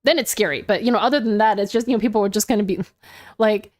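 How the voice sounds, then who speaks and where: A woman's voice: medium pitch, fast. A woman chatting casually and joking as she reacts to a story reading, with a lot of "like" and "you know". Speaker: co-host reacting.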